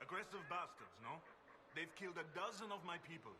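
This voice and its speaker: Casting: a man as a formal, persuasive game refugee leader, slightly high-pitched, steady forest noise behind him. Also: fairly quick, natural voice. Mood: earnest. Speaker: game character. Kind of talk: video game dialogue. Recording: game audio under forest ambience.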